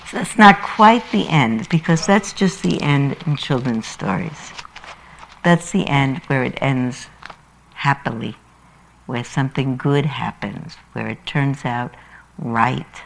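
A woman meditation teacher giving a dharma talk, reading a children's story aloud in an unhurried, expressive way. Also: very deep voice, vocal fry, slight background noise, low-quality recording.

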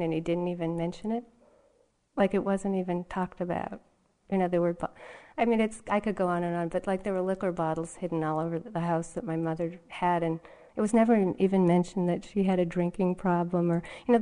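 A woman's voice: on the low side, warm tone. A woman meditation teacher giving a dharma talk, telling a personal story in a candid, rambling way full of fillers and restarts.

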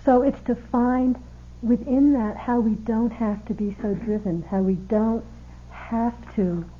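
A woman meditation teacher giving a dharma talk at a retreat, speaking in a conversational, storytelling way with gentle emphasis. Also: fairly high pitch, steady tone, takes it slowly. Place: meditation hall. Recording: tinny phone-like retreat talk recording.

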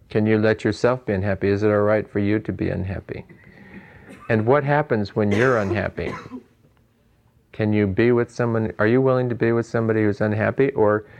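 Low-voiced man giving a relaxed talk on meditation. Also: gravelly. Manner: musing, chuckling, lots of "you know". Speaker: meditation teacher. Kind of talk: informal dharma talk.

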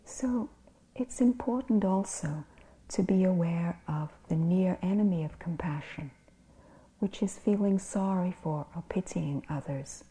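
Soft-spoken woman with a very dark voice. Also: fairly low pitch, slight background noise. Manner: soft, gentle and unhurried, often drops to a near whisper. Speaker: meditation teacher and physician. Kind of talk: dharma talk.

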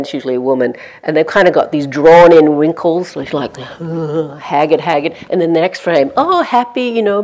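A woman's voice: low-pitched, dark tone. Woman giving a chatty dharma talk. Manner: conversational, lots of "you know", drops to near whisper on key points. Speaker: meditation teacher. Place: meditation retreat center hall.

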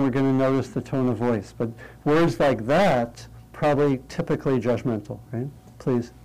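A man leading a meditation class in an interactive talk, lighthearted and checking in with the group, thinking aloud through pauses and restarts. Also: medium pitch, dark tone, rough recording. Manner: light, humorous, often checks in with "right?". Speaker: meditation teacher.

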